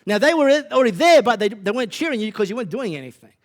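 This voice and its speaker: High-voiced Australian pastor preaching. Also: male voice, rapid-fire. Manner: conversational and animated, with quoted asides. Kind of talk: sermon.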